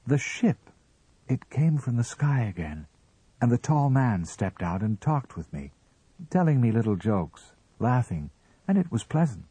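A man voicing a young wife in a read-aloud story, lifting his voice high and light for her. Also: sing-song, unhurried, warm tone, husky, no room sound, full character voice, low-quality recording. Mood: dreamy. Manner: light, raised voice for a woman. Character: young wife, dreamy and gently amused woman.

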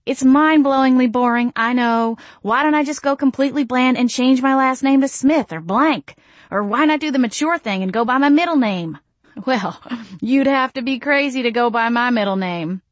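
A woman's voice: mid-range voice, a little fast, no echo, close to an everyday voice. A woman voicing a tipsy, self-mocking young woman who babbles nervously in audiobook dialogue. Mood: babbling.

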